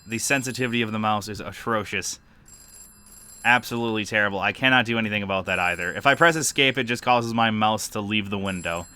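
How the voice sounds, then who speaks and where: A man's voice: fairly low pitch, fast, pushed and bright, smooth. A man casually commenting while playing games on a stream, joking and self-deprecating. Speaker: game streamer. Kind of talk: casual let's-play commentary.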